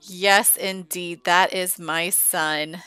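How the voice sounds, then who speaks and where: A woman's voice: on the low side, fairly even intonation, extremely slow, sharp tone, clear, resonant tone, no room sound, full character voice. A woman voicing a proud young husband and new father in a fond, earnest tone, close to her own voice.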